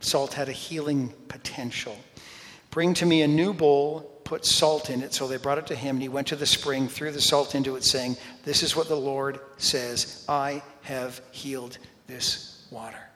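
A man preaching a sermon, telling animated stories, talking straight to the congregation and dropping to a whisper for emphasis. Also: medium pitch, moderate pace. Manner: animated storytelling, talks to the congregation directly. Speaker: pastor. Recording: long reverb in a large hall.

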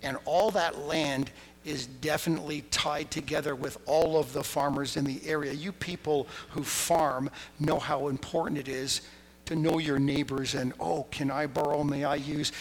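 Bright-voiced preacher in a reverberant hall. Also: male voice, a little high, normal speed. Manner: animated storytelling, acts out quoted voices. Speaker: pastor. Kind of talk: sermon. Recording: hall reverb, faint noise.

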